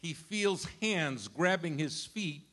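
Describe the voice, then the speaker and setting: An older man, a grandfather, preaching a sermon with dramatic storytelling that swings from loud outbursts to hushed asides. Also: on the high side, animated, slow pace. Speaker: pastor.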